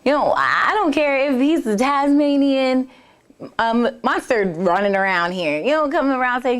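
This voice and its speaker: A woman's voice: high voice, animated, a little slow. A woman bodywork therapist hosting a podcast, talking in an earnest, reflective way and acting out the voices in people's heads. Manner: earnest and conversational, acts out inner voices, many restarts. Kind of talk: reflective solo talk.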